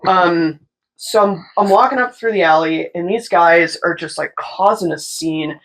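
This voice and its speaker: A woman's voice: fairly low pitch, unhurried, poor audio. Young woman, tattoo artist, casual storytelling, swears a lot, mimics people. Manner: animated, swearing, mimics voices in her stories.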